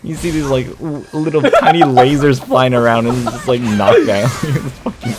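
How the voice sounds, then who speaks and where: A man's voice: mid-range voice, animated, normal speed, a loud crowd. A man in casual gaming chat as a streamer, swearing often and laughing as he retells what happened. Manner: swears often, laughs through retold stories.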